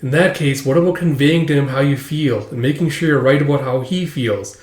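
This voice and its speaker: Male reader doing a calm, wise teacher, roomy sound. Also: medium pitch, a little fast, natural voice. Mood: advising. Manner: steady, advice-giving. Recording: echoey room.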